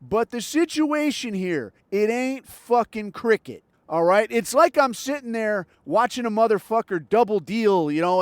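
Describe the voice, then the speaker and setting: High-pitched, profane older man ranting. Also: dry recording. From Southern California. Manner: angry, profane, sarcastic. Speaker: podcast host. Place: in a car while driving.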